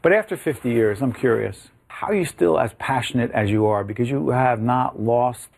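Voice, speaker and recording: A man interviewing a guest with quick, eager questions. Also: mid-range voice, creaky, a little mellow.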